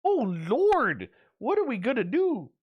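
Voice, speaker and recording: A man's voice: very high voice, huge pitch swings, a little slow, slightly rough, highs cut off, voice pushed up, heavily acted. A man voicing a fussy, flustered elderly woman who frets and exclaims. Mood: scandalized. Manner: fretful, exclaiming.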